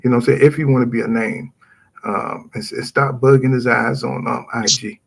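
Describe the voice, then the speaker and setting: A man hosting a relaxed boxing talk show, with a husky, somewhat breathy voice. He talks animatedly and reads viewers' comments aloud between his own opinions. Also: mid-range voice, a little fast. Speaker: boxing podcast host. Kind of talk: casual chat.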